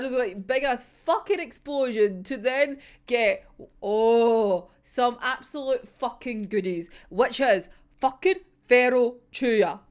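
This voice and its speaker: A woman's voice: a little high, darkish tone. A young woman chatting through a manga chapter in a gushing, giggly, sweary way, as a casual fan reviewer.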